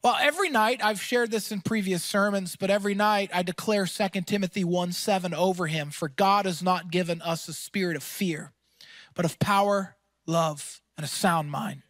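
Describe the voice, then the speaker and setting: A man preaching a sermon as pastor, energetic and emphatic, with casual fillers and quick asides. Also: high-pitched, no echo.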